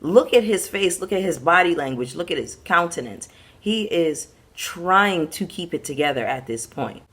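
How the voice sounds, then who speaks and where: A young woman with a slightly lowered voice recaps reality television with sass and emphasis. She talks straight to her audience, leaning hard on her punchlines. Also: animated, moderate pace, a bit bright, breathy edge. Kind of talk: casual recap commentary.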